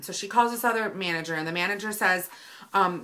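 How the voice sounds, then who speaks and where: A woman's voice: mid-range voice, quick pace. A woman vlogger telling a story in a casual, exasperated rant, acting out both sides of the conversation. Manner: animated, exasperated retelling with quoted dialogue.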